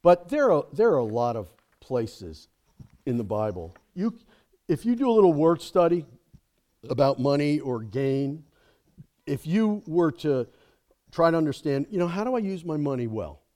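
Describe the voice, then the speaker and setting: A middle-aged man giving a sermon in a mellow, relaxed tone that sits a little high for a man. He talks casually with the listeners, checks in with "okay?" and "right?", and builds up to emphatic peaks. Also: moderate pace. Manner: conversational, rising to emphatic preaching with frequent "okay?" and "right?". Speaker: guest preacher.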